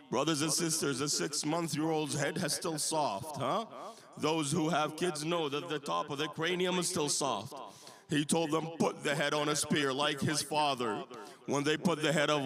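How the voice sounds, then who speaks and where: A man delivering a sermon, solemnly narrating and voicing the people in a mourning story. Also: a little high. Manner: solemn storytelling with quoted exchanges. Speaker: speaker at a mourning gathering. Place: mosque hall with a congregation.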